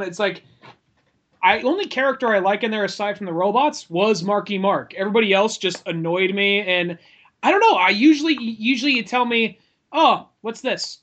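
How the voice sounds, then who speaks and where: A man's voice: high-pitched, fairly bright tone. A man co-hosting a podcast, chatting casually about movies with dry, wry humor. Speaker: podcast co-host. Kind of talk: casual chat.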